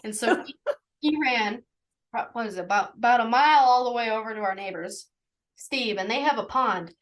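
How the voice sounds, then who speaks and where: Teen girl rambling thru a story, kinda high voice, lots of likes. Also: normal speed, low-quality recording. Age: teens. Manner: rambling, many fillers like "like" and "anywho". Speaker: young shepherd guest. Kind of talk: casual storytelling.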